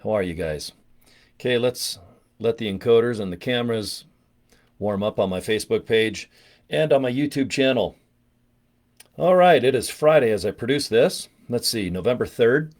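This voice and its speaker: A man's voice: mid-range voice, animated, moderate pace, a little mellow. A man from Utah hosting a casual livestream vlog from his home studio, jokey and rambling, poking fun at himself. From Utah, USA. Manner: jokey, rambling, self-mocking. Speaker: network marketing vlogger.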